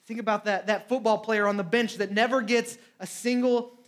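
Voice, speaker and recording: A man's voice: high-pitched, fairly even intonation, moderate pace. A man preaching a sermon in a conversational way, often asking "right?" and acting out quotes.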